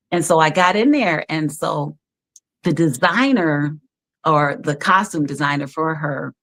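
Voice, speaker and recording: A woman who works as a background actor, telling stories in an animated, chatty way as a talk-show guest, often laughing. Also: low-pitched. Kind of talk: casual storytelling chat.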